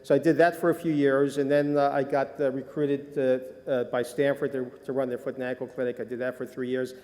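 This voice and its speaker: A man's voice: mid-range voice, little pitch movement, brisk, a little mellow. An older man, a sports medicine doctor, giving a rambling, self-deprecating conference talk full of fillers. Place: lecture hall. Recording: reverberant hall.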